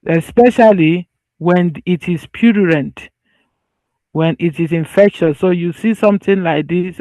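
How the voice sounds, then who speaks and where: High-voiced man lecturing, repeating for emphasis. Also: dark tone, dry recording. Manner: conversational, loose phrasing with restarts. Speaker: medical lecturer. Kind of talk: slide-based teaching.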